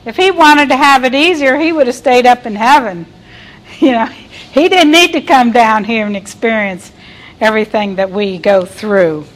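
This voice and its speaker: A middle-aged woman delivers a sermon at an unhurried pace. She reads scripture aloud and puts questions to her listeners. Her voice sits a little high. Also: low-quality recording. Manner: reads scripture aloud and cries out quoted lines loudly. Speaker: preacher.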